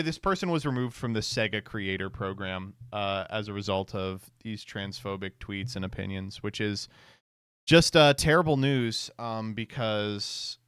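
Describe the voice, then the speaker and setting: A man's voice: on the low side, fairly bright tone, clear, resonant tone, dry recording, clean studio sound. A man streaming casual commentary, reacting to online posts with sarcastic remarks, frequent laughter and text read aloud.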